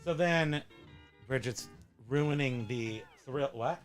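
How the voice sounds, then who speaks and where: A man's voice: mid-range voice, takes it slowly, faint music behind. A man hosting a casual show-and-tell chat at a home tiki bar, rambling and joking as he corrects himself. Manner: rambling, jokey, self-correcting. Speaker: host.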